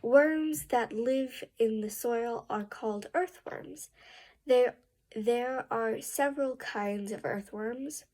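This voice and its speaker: A woman reading a book aloud slowly and carefully, with restarts and a rising pitch at sentence ends. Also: a little mellow. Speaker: reading student.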